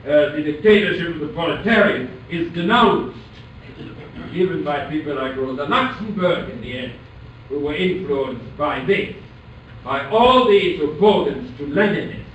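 A man's voice: fairly high pitch, expressive, moderate pace, a bit bright, slight background noise. Man lecturing in an echoey hall. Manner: digressive, repeats and restarts phrases, rhetorical questions. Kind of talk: academic lecture. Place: lecture room. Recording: echoey, distant, muffled lecture-hall recording.

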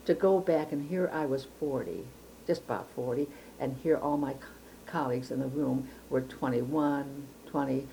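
Low-voiced older woman telling her life story. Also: gravelly, mellow, slight background noise, rough recording. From Chicago, United States. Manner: reflective, precise storytelling with frequent restarts. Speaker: interviewee. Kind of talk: oral history interview.

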